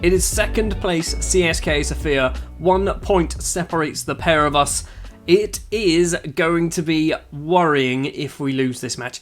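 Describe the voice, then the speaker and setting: A man's voice: on the high side, unhurried, faint music behind. A young man casually talking through his football management game, dry and sarcastic. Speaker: gaming YouTuber.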